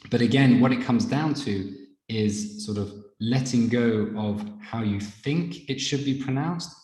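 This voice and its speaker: A man teaching pronunciation in a live online master-class, explaining in a measured, patient way over a video call. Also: mid-range voice, darkish tone. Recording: echoey room with long reverb.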